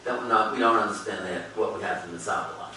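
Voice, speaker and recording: A man giving a Torah lecture as a rabbi, rising and falling in pitch and chanting quoted Hebrew verses. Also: quick pace, sharp tone, a little hiss or hum. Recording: echoey hall, mic at a distance.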